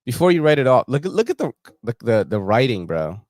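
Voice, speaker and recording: A man's voice: medium pitch, sing-song, brisk, a little mellow, no room sound, clean studio sound. A young man hosting a casual gear show, chatting in laid-back slang while browsing a website and laughing often.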